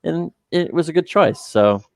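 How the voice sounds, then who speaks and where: A man's voice: a little high, expressive, moderate pace, creaky, darkish tone, dry recording, clean studio sound. A man co-hosting a casual livestream chat, rambling and repeating his words.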